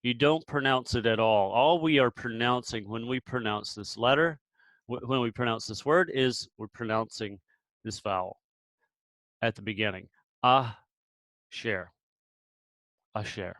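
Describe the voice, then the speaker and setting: A man teaching Biblical Hebrew pronunciation, patient and relaxed, repeating sounds slowly with pauses and restarts. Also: medium pitch, dry recording, rough recording.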